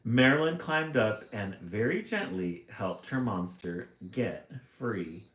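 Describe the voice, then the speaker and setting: A man reading a children's picture book aloud, expressive, with chatty asides between passages. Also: fairly low pitch, slow pace, reverberant, poor audio. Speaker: storytime reader.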